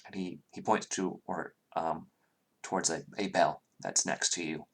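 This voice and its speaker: A man from the Southern US narrating a tabletop game as game master, halting with many fillers. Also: sits low, fairly even intonation, creaky.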